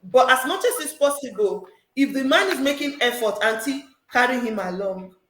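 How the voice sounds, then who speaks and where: A middle-aged woman gives relationship advice in an animated, preaching manner, acting out what other people say. Her voice sits a little high. The room around her is noticeably echoey. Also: normal speed, a little hiss or hum. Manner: animated, preachy, acts out quotes with laughter. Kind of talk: casual advice chat.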